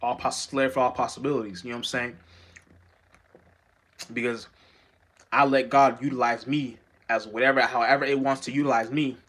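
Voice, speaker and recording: A man's voice: mid-range voice, flat delivery, moderate pace, pauses often, a bit bright. Rambling, profane man preaching spirituality. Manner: rambling, profane, many restarts and stammers. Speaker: spiritual vlogger. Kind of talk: unscripted spiritual monologue.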